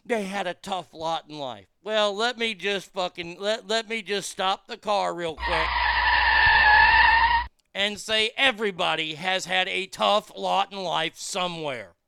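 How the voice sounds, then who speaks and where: Gravelly, bright-voiced man ranting profanely. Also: sits high, a little slow, slight background noise. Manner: angry, crude, blunt, heated. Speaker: streamer reacting to a news clip. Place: in a car.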